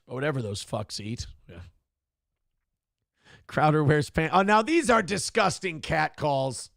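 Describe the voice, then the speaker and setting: Sardonic man host, lively voice, dry sound. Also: moderate pace, gravelly, no echo. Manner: sardonic, mock-indignant, swears freely; puts on a high sing-song voice for quoted lines. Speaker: show host reading viewer chat. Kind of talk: casual chat, reading comments aloud.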